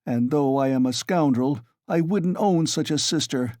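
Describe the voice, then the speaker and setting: A man's voice: on the high side, normal speed, darkish tone, no echo, clean studio sound, pitched above the performer's own voice, natural voice. A man reading an audiobook, voicing a feverish, overwrought young man who talks in agitated, insistent bursts. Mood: irritable.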